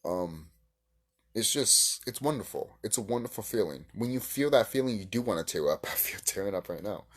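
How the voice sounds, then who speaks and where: A man making a reaction video, ranting with heavy swearing, swinging between heated outbursts and quiet musing. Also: fairly low pitch, animated, brisk. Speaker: video creator reacting to a clip.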